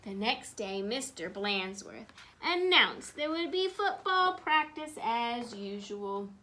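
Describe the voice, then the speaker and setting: A woman reading a children's picture book aloud, animated and asking her listeners questions. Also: fairly high pitch, takes it slowly. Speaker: storyteller.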